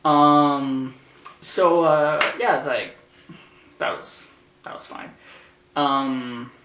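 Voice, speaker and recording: A man hosting a casual review, rambling and hesitant with many fillers and restarts, breaking into loud shouted impressions as he retells the action. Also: fairly high pitch, very slow. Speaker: show host reviewing a wrestling event. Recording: roomy, distant from the mic, faint noise.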